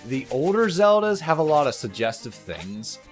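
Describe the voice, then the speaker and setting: A man co-hosting a casual let's play, animated and quick to laugh as he chats. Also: a little high, soft background music. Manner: animated, laughs often, slips into playful voices. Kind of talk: casual gameplay chat.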